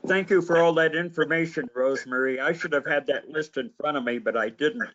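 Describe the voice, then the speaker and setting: A man's voice: fairly high pitch, a little fast, fairly bright tone. A man hosting an online meeting, speaking in a friendly, conversational way. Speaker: meeting host. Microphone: video call. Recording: muffled video call audio.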